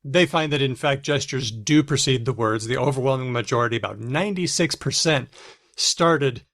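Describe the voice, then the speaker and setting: A man's voice: mid-range voice, normal speed, a bit bright, no room sound, studio quality. A man co-hosting a podcast, explaining research studies in casual chat over a video call. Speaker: podcast co-host.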